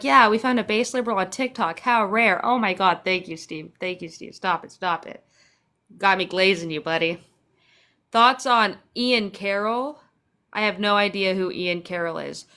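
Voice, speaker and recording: A woman's voice: mid-range voice, bright, forceful tone. A young woman from Central Texas, chatty and sarcastic, swearing casually as she hosts a phone livestream and answers viewer comments. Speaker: livestream host.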